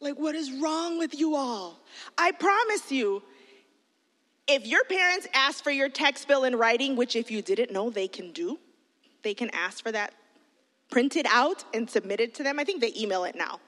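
Woman pastor, middle-aged, higher bright voice, lively sermon storytelling, long hall echo. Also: moderate pace. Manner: animated storytelling, bursts into shouted quotes. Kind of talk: sermon to youth.

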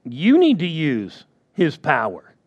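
A man's voice: a little high, huge pitch swings, slow pace, highs cut off. A man preaching a sermon who repeats his key phrases and keeps asking the congregation for agreement.

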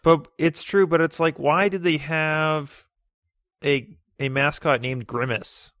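A man's voice: fairly high pitch, steady tone, slow, fairly bright tone, dry recording, studio quality. A man co-hosting a podcast, bantering sarcastically in casual chat. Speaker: podcast co-host.

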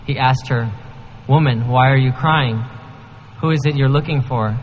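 A man reading a scripture passage aloud in a steady, measured way in a church. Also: mid-range voice, in a large hall, a little hiss or hum, rough recording. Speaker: scripture reader. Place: church sanctuary.

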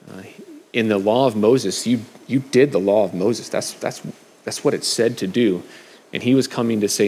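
A man's voice: fairly low pitch, moderate pace, a little mellow, breathy edge. A middle-aged man giving a casual sermon with scripture readings, talking loosely with fillers and restarts. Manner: conversational, frequent fillers and restarts. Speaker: preacher sharing a message. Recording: long hall reverb.

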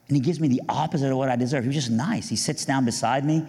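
A man's voice: mid-range voice, fast, vocal fry, a little mellow. A man giving a sermon testimony, telling his story and building to fervent preaching. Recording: long hall reverb.

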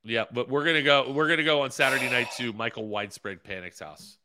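A man co-hosting a casual podcast, easygoing and quick with short agreements. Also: medium pitch, noisy background. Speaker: podcast co-host. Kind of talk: casual chat.

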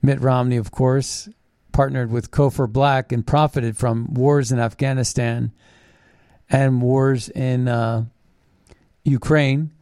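A man's voice: mid-range voice, flat delivery, slow pace, mellow, smooth, no echo, studio quality. Blunt, scornful man hosting political commentary. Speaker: host.

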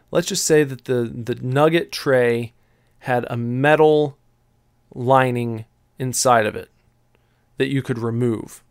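A man casually telling a long personal story on a podcast, halting and searching for words, with a wry, laid-back manner. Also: mid-range voice, vocal fry, no echo, clean studio sound.

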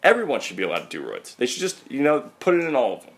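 A loud, know-it-all city cab driver who barks out sports opinions and personal gripes, his voice jumping up in pitch. A man acts him out while retelling a ride. He is brash and won't be argued with. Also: very animated, rapid-fire. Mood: opinionated. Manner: pushy, talks over people, hot sports takes.

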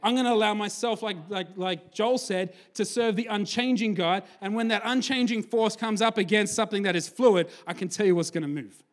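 A male preacher with a slightly raised pitch, telling his story with animated energy. He acts out the characters' lines in passing and sinks to a soft, earnest tone for the appeal. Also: brisk, hardly any pauses. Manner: energetic storyteller, acts out quotes, drops to a hushed close. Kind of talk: sermon.

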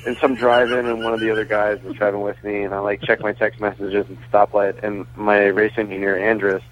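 A man's voice: fairly low pitch, level tone, a little fast, dry recording. A man called in as a guest on a radio talk show, telling stories in a chatty, rambling way and laughing as he goes. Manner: chatty, self-correcting, laughs while talking. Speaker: guest, pitcher and race team owner. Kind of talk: phone interview, casual storytelling. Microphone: phone. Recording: tinny phone line.

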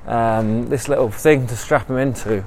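Strolling beside a city canal, a man hosting a podcast improvises a story, meandering and often saying um or correcting himself. His medium-pitched voice is a little mellow, with fairly even intonation and normal speed. There's slight background noise.

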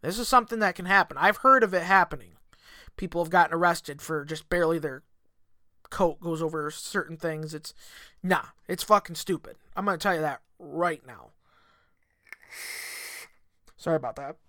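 Man, solo podcast host, bright sharp voice, profane, rambling, emphatic, dry close mic. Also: fairly high pitch, normal speed, pauses often, no echo. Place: home in Michigan. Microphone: desk podcast mic.

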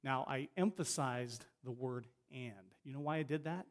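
A middle-aged man preaching as a guest speaker in a conversational way, often restarting phrases and slowing down to stress a point. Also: mid-range voice. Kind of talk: sermon.

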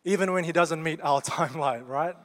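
A young man with a New Zealand accent is preaching to his congregation, mixing jokes into the sermon in a relaxed, conversational way. His voice sits a bit high for a man. The long reverb of a large hall trails after every line. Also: a little fast. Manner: joking, conversational and down-to-earth.

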